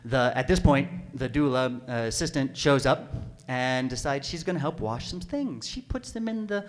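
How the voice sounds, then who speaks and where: A man telling a personal story live on stage at a story slam, animated and self-deprecating, now and then bursting into panicked yelps. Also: mid-range voice, normal speed. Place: stage at an arts center.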